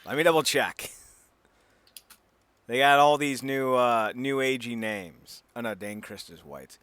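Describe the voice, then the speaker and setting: A man co-hosting a casual wrestling podcast, ranting heatedly and swearing freely, with quick bursts of comic impressions. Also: medium pitch, fairly bright tone, smooth, no echo. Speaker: podcast co-host.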